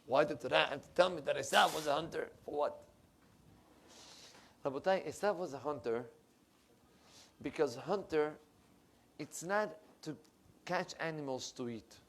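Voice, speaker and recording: Middle aged rabbi giving a sermon, fairly high voice, gets loud then drops way down. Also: male voice, moderate pace, vocal fry, pauses often, slight background noise. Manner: animated, emphatic, swings from loud to soft. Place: synagogue.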